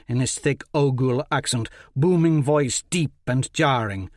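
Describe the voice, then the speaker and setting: A man reading a dark fantasy audiobook in a measured, dramatic narration. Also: mid-range voice, dry recording, studio quality. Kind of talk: scripted narration.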